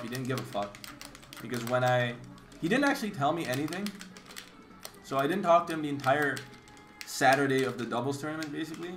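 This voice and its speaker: A young man vents to his stream in a casual, exasperated rant. He swears freely and slips into quick impressions of the people involved. Faint music and keyboard clatter sit in the background. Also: fairly high pitch. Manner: animated and exasperated, swears freely, mimics others in dialogue. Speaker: competitive gamer streamer.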